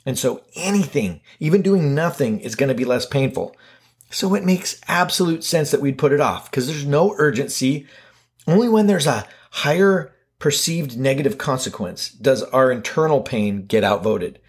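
A man with a husky, slightly breathy voice talks straight to his viewers in a loose self-help chat. He is animated and self-mocking, throwing in mild swears and jumping high in pitch for comic emphasis. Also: normal speed. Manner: casual, with light swearing. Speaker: video host. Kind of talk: casual self-help talk to camera.

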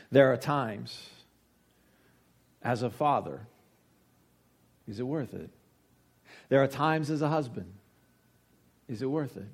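A pastor in his forties delivers a sermon in a relaxed, conversational way. His voice sits at an ordinary middle pitch. He leans into key points with sudden loudness, then drops to soft, low asides. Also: slightly rough. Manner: conversational, swings between loud emphasis and quiet asides.

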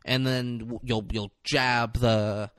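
A man's voice: slow pace, no echo. A man casually and profanely recapping a movie scene, acting out the characters as he goes. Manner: animated retelling, acts out characters with swings in pitch and loudness. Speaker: podcast co-host recapping a movie.

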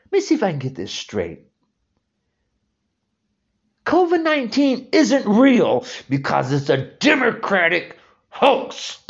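A man's voice: high voice, wildly swooping pitch, takes it slowly, vocal fry, pauses often. A man in his sixties giving an angry, insulting rant, repeating himself. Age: 60s. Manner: furious, insulting, repetitive. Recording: dull lo-fi recording.

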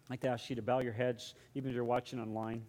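A male pastor preaching a sermon, telling a story dramatically and then going hushed for prayer. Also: mid-range voice, little pitch movement, quick pace.

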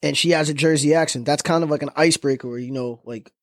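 A laid-back man talking slangily on a casual podcast. His voice sits a touch high, and the recording is dry and close. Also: fast talker, no echo. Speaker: podcast panelist. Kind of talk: casual chat.

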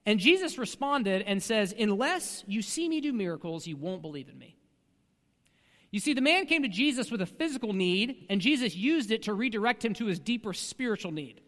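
A man's voice: high-pitched, fairly bright tone, in a large hall. A man preaching a sermon as a pastor, talking in a conversational way with frequent rhetorical asides.

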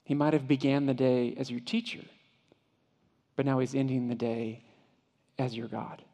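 A male pastor giving a sermon, vividly retelling a story in the second person and often dropping to a hushed voice. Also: medium pitch, fairly even intonation, moderate pace. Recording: long hall reverb.

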